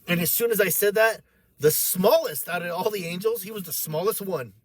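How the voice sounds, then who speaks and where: A man telling an emotional personal story, animated and repetitive, acting out the voices of others as he goes. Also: sits high, brisk, no room sound. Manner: emotional, repeats himself.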